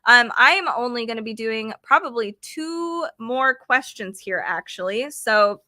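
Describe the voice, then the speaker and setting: A woman's voice: on the high side, expressive, measured pace, bright, forceful tone, no room sound, studio quality. A woman hosting a casual trivia livestream, chatty and apologetic as she reads questions aloud to her chat. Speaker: livestream host running trivia games.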